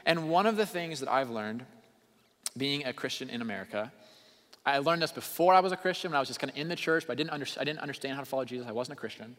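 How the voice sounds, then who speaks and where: A man preaching a sermon as pastor, earnest, moving between quiet intensity and raised emphasis. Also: mid-range voice, lively intonation, fast talker. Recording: long hall reverb.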